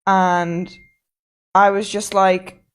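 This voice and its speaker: Brief: woman streamer, casual and blunt, swears a lot, medium pitch, storytelling to her chat. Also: level tone, extremely slow, clean tone. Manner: blunt, swears freely, emphatic.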